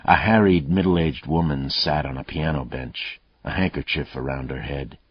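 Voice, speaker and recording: A man narrating an audiobook in a steady, even reading voice. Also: rumbling low, normal speed, husky, dry recording. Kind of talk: scripted narration. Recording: dull, muffled dry audio.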